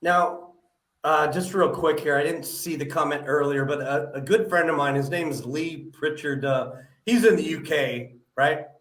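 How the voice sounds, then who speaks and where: Chatty host in an echoey room. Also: male voice, fairly high pitch, normal speed, fairly bright tone. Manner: friendly, filler-heavy, many "uh"s. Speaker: podcast host. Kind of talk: live podcast interview.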